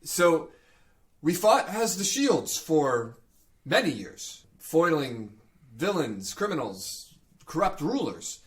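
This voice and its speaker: A man voicing an ancient male Furbog warrior who speaks in a halting, earnest and solemn way. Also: on the high side, big pitch swings, pitched above the performer's own voice.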